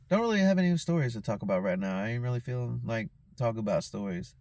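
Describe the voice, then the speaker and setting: A man's voice: medium pitch, darkish tone, dry recording. A tipsy man hosting his own show, telling a story in a heated, profane rant and often asking "you know what I'm saying". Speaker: host.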